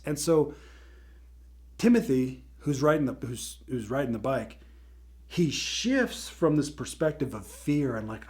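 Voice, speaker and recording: A man hosting a casual Christian teaching talk, telling a story in an animated way with lots of fillers. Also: mid-range voice, moderate pace. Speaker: Christian teacher, podcast host.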